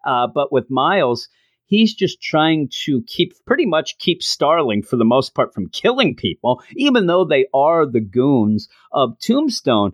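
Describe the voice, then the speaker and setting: A man's voice: on the high side, sing-song, unhurried, dry recording, studio quality. A middle-aged man casually reviewing a comic book, enthusiastic and rambling with frequent restarts.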